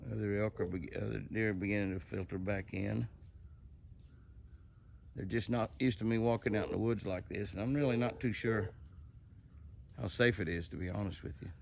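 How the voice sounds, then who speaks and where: An older man with a low, gravelly voice talks folksy and easy, chatting to his animals and his viewers alike. He is recorded outdoors in the woods, with a faint hiss of open air behind him. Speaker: ranch owner and outdoor show host. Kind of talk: casual outdoor vlog narration.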